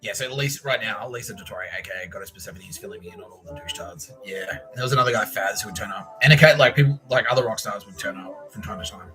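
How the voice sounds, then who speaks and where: An Australian man hosting a podcast, telling a long rambling story with heavy swearing and quick impressions of the people in it. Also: fairly low pitch, sharp tone, soft background music, poor audio. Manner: rambling, profane, mimics people he quotes. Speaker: podcast host. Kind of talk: casual storytelling monologue.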